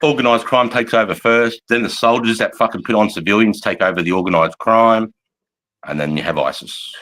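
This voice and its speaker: Australian man, forties, low voice, foul-mouthed rambling army yarns, mate and bro every line. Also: a little fast, a bit bright, rough recording. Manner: swears constantly, rambling, calls listener mate and bro. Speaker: army veteran guest. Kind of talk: casual storytelling.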